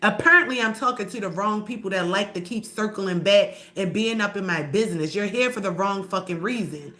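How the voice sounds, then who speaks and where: Woman live streamer, confrontational and profane, bright tense voice, storytelling to chat. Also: medium pitch, fairly quick. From Baltimore area. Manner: blunt, profane, addressing viewers as y'all; heated and confrontational.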